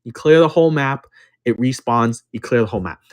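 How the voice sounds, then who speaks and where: A man's voice: medium pitch, animated, fairly quick. A man hosting a card-breaking livestream, telling a story in a brash, profane, casual way, repeating lines for emphasis and counting down between breaks.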